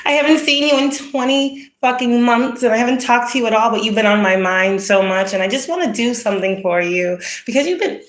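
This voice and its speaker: A woman's voice: a little fast, few pauses, roomy sound, close to an everyday voice. A woman putting on a gushing fake-sweet friend. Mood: sugary. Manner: gushing, overly sweet, high-pitched. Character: sugary fake-friendly adult woman, insincere.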